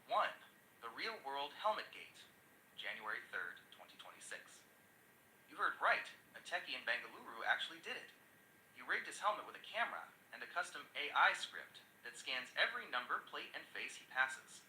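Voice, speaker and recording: A man's voice: medium pitch, sing-song, brisk, bright, forceful tone. A man's synthetic voice, chirpy and eager to please, telling jokes and recapping news. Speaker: AI chat assistant. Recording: echoey room with faint noise.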